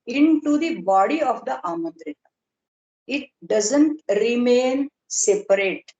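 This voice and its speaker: A woman lecturing on grammar in a workshop, explaining slowly and deliberately with pauses and fillers. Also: a little high, a little mellow. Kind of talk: academic lecture in an online workshop. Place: video call. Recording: roomy echo.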